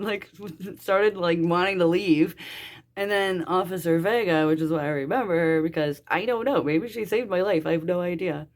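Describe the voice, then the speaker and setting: A young woman telling a personal story in a rambling, casual way, full of fillers and swearing. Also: lowish voice. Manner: swearing, rambling, lots of "like" and "dude". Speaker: vlogger.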